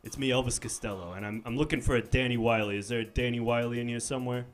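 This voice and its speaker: A man's voice: medium pitch, steady tone, fast, faint music behind, voice pushed down, natural voice. A man doing a breezy rock star. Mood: cheery. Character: friendly famous rock singer.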